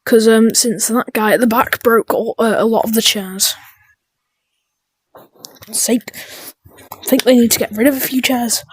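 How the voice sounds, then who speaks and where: Husky-voiced woman muttering through a game. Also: fairly high pitch, steady tone, measured pace, pauses often, no room sound, clean studio sound. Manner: chaotic, muttering, dark-humored asides; drops into whispers. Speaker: gaming YouTuber. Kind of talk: let's-play commentary.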